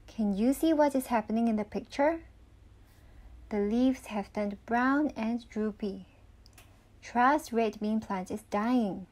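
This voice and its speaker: Woman storybook reader, slow and patient, asks the kids questions. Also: a little high, a little mellow. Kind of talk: read-aloud picture book narration.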